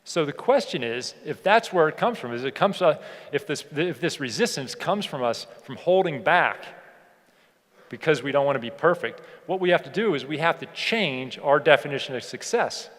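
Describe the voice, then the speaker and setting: A man giving a motivational keynote speech to an audience. He asks them rhetorical questions and slows down to stress key points. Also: fairly high pitch, animated, fairly bright tone. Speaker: keynote speaker. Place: large hall on stage. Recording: long hall reverb.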